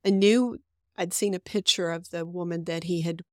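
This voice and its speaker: A woman's voice: on the low side, steady tone, moderate pace, a little mellow, no room sound, studio quality. A middle-aged woman guest sharing a personal faith testimony in earnest conversational storytelling, acting out her own past thoughts. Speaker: podcast guest.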